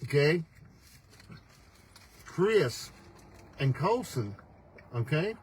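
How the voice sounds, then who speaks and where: A man's voice: on the high side, big pitch swings, drawn-out words, slight background noise, low-quality recording. An older man hosting a casual morning livestream, folksy and teasing, laughing often as he talks. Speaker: host. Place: pickup truck.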